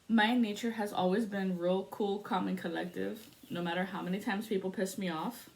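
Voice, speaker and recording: A woman's voice: mid-range voice, steady tone, normal speed, creaky, hardly any pauses, darkish tone. A woman giving a casual spiritual reading, chatty and profane, laughing often and shifting into a spoken prayer to invoke spirits. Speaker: spiritual reader.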